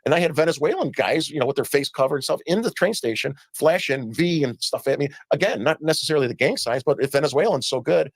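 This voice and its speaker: A man's voice: fairly high pitch, expressive, husky, no echo. A man recounting his experiences in an interview, acting out dialogue as he goes. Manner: rapid storytelling with quoted dialogue. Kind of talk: storytelling in a played interview.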